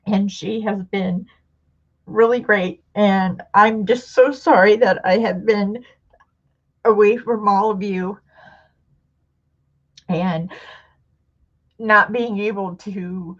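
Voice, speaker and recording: A middle-aged woman hosting a casual livestream chat with viewers, speaking in a heartfelt, halting way, on the edge of tears. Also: mid-range voice, fairly even intonation. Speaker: livestream host. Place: home room with a table of craft supplies. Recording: dull lo-fi livestream audio.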